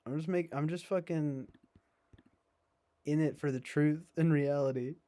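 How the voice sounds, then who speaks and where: A man's voice: fairly high pitch, steady tone, unhurried, warm tone. Rambling sarcastic man streamer. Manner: rambling, sarcastic, swears and laughs often. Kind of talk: casual rambling chat to viewers.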